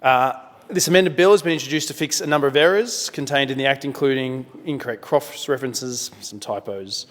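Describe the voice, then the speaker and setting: Australian man speaking in a reverberant chamber. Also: medium pitch. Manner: measured, many fillers and self-corrections. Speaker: member of parliament. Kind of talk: parliamentary speech. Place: parliament chamber.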